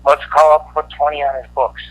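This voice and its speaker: A man co-hosting over a phone line, eagerly pitching ideas and repeating himself. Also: monotone, quick pace.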